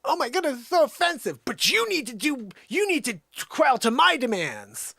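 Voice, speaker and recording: A man mimicking a shrill, easily offended person who demands to be obeyed, whiny and indignant. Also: wildly swooping pitch, moderate pace, vocal fry, pushed and bright, no room sound, studio quality, heavily acted.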